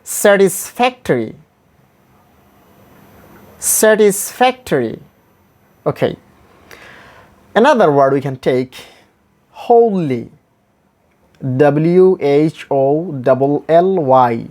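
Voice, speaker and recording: Slow, patient male pronunciation teacher. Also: a little high, animated, darkish tone. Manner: repeats each example word slowly and deliberately, with stressed drills. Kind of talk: pronunciation lesson.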